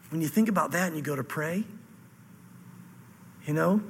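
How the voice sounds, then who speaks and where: A man preaching an expository sermon, animated, reading scripture dramatically and dropping to hushed asides. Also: sits high, fast talker, long pauses, big-room sound, slight background noise. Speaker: pastor.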